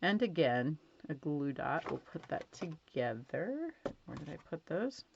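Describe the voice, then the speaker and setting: A woman's voice: low voice, sing-song, a little slow, vocal fry, noisy background. A woman teaching card stamping at her craft desk at home, chatting casually and gushing over how her cards turn out. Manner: chatty, gushing over results, many fillers. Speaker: stamping instructor. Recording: dull lo-fi home recording.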